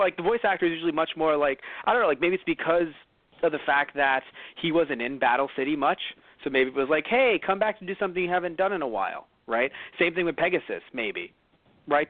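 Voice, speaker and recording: A man's voice: on the high side, no echo. Chatty American man, thin phone-like sound. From United States. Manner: rambling, chatty, many fillers and restarts. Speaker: podcast co-host. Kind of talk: casual chat.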